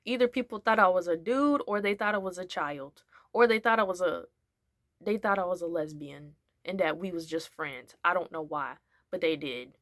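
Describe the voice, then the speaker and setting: Low-voiced woman telling a rambling story. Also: normal speed, no room sound, clean studio sound. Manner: animated, acts out what people said; rambling, many "like" fillers. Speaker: vlogger. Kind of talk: casual storytelling.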